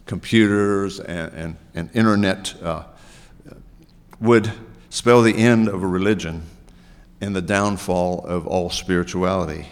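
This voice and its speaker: A man's voice: deep voice, fairly even intonation, unhurried, clear, resonant tone. A man preaching a sermon as a pastor, chatty, with asides and rhetorical questions to his listeners. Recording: long reverb of a large hall.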